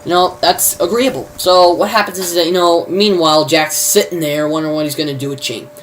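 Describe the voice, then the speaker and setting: Rambling low-voiced woman recapping a show. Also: fairly quick. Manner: rambling, many fillers and restarts, mild slang. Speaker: TV episode reviewer. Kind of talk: casual spoken episode recap. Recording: distant mic, faint background noise.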